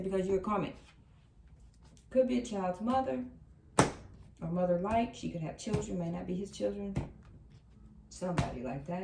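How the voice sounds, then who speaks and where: A woman reads tarot cards aloud, relaying what she hears with emphatic, repeated lines. Her voice sits in a middle pitch range. The recording is roomy and echoey, and she sounds a little distant from the microphone, with a faint hiss underneath. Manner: animated, repeats quoted messages emphatically. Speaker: tarot reader. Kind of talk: tarot reading channeling messages. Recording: echoey room, a bit distant from the mic.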